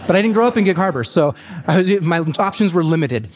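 A pastor in his forties shares his testimony during a sermon, full of self-deprecating humor and lively asides. His voice is high and he talks fast.

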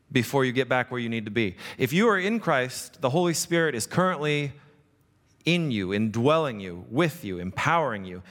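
Male pastor, relaxed sermon delivery, middle pitch, reverberant sanctuary sound. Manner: conversational, asks the congregation "right?" often. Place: church sanctuary. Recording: long reverb of a hall.

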